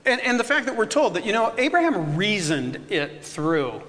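A bright, high-pitched man speaks in a room with a long, hanging reverb. He leads a question-and-answer discussion and acts out the voices in his stories in lively bursts, often laughing as he goes. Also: moderate pace. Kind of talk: animated Q&A discussion.

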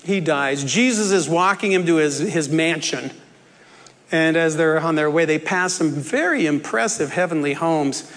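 A man delivers a sermon in an earnest, conversational manner, slipping in asides and jokes. His voice sits high and his delivery is slow and unhurried. The sound carries a long reverb from a large hall. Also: a bit bright. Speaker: preacher.

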